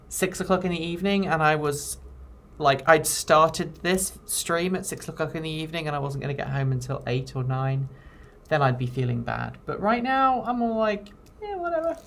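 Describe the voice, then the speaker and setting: A woman's voice: low voice, a bit bright. A woman hosting a live stream, chatting casually and thinking aloud while she edits video. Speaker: video editor and show host. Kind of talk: casual livestream chat while editing.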